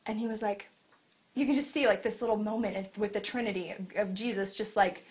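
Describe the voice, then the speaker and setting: A woman preaching a sermon, acting out Bible scenes in a lively storytelling way. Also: mid-range voice, a little fast.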